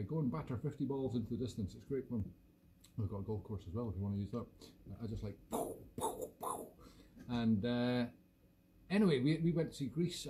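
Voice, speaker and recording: A man's voice: mid-range voice, mellow, a little hiss or hum. A Scottish man in his fifties hosting a live music stream from home, chatting between tunes with joking, rambling banter. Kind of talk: casual chat between tunes. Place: home, indoors.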